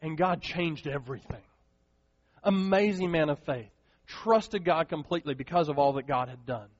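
High-voiced preacher in a reverberant hall. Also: male voice, normal speed. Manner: animated, acts out quoted voices. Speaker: pastor. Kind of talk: sermon. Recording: dull, long hall reverb.

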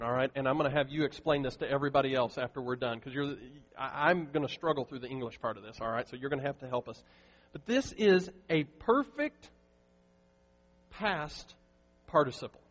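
A man's voice: medium pitch, long reverb tail, lo-fi sound. A man preaching a sermon as pastor, earnest and emphatic, often restarting his sentences. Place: church sanctuary.

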